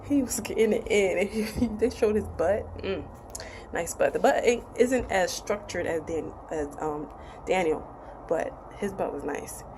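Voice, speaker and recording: A woman's voice: mid-range voice, lively intonation, a little slow, darkish tone, slight background noise, rough recording. A woman giving a casual, candid TV episode recap, chatty and profane, with playful acted quotes. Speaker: TV show reviewer.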